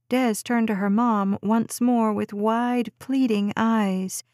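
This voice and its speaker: A woman reading a novel aloud in steady, scripted audiobook narration. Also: fairly high pitch, slow pace, few pauses, no echo, clean studio sound.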